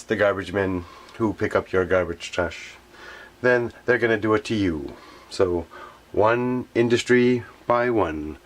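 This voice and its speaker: Low-voiced man on an indignant rambling rant. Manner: indignant, repetitive, often pauses with "how you say". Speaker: garbage collector.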